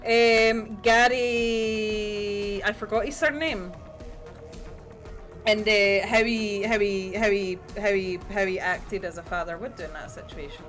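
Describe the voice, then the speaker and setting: Woman, middle-aged, rambling stream chat, swears freely, soft music behind. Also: medium pitch, fairly even intonation, slow pace. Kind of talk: casual chat while painting.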